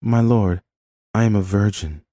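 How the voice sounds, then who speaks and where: A skeptical but kindly young peasant woman speaks with careful, guarded politeness, as a male audiobook reader puts her on. The voice is lifted from a dark, mellow base. The sound is dry and close. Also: on the low side, a little slow, no room sound, natural voice. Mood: polite. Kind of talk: audiobook character voice.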